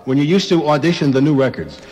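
Brief: male radio host, quick teasing banter, voice trailing in a reverberant studio. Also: fairly high pitch, darkish tone. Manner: teasing, prompting questions. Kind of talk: casual on-air chat.

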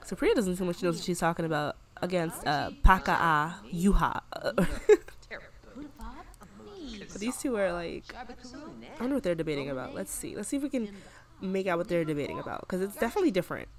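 A young woman casually commentating a life-simulation game, chatty and excitable. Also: on the low side, a little fast. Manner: chatty, excitable, with frequent gasps and laughs. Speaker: gaming video creator. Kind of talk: casual let's-play commentary.

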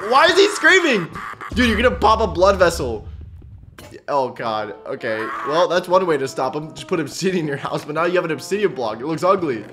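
Male reaction YouTuber: excitable, slang-heavy, animated delivery in a slightly high register. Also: fairly quick, slight background noise. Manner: excitable, slangy, laughs often. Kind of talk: casual reaction commentary.

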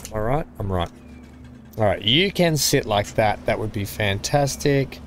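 On a live game stream, a man with a lowish, expressive voice speaks a little slowly, joking at his own expense and addressing viewers by name. He coughs now and then, clearly with something in his throat, and light background noise can be heard.

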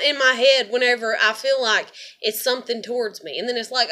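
A woman speaks straight to her viewers in a rambling, foul-mouthed rant and trips over repeated words. Her voice sits a little high and sounds sharp and tense. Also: fairly quick, few pauses. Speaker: vlogger. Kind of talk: casual venting monologue to camera.

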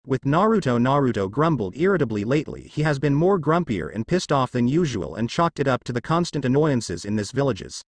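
A man narrating a fan fiction story in an expressive storytelling manner. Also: mid-range voice, a little fast, few pauses, no room sound.

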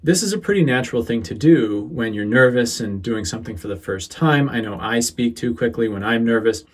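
A male teacher talking through a how-to lesson into a close microphone, unhurried and easygoing, with a few fillers. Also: mid-range voice, expressive. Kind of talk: instructional voice-over. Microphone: close sensitive studio mic.

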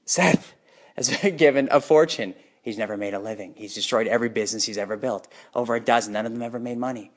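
A man's voice: mid-range voice, quick pace. Bitter, intense man in a monologue. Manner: bitter, intense, emotionally charged. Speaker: speaker recounting his own life. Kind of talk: unscripted personal monologue.

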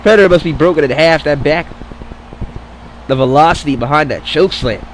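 A man giving casual play-by-play commentary on a wrestling video game match, excitable and swearing, drifting into rambling asides. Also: a little high, a little fast, slight background noise, rough recording.

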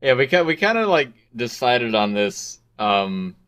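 A man's voice: medium pitch, sing-song, measured pace, fairly bright tone, clean tone. Chatty man streaming a game. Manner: casual, chatty, fillers and restarts. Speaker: stream co-host. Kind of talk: casual game stream chat.

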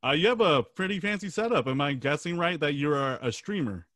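A man's voice: fairly high pitch, expressive, fairly quick, fairly bright tone, no echo, clean studio sound. A man hosting a casual gaming podcast, chatty and rambling, laughing easily. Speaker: podcast host. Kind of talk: casual chat.

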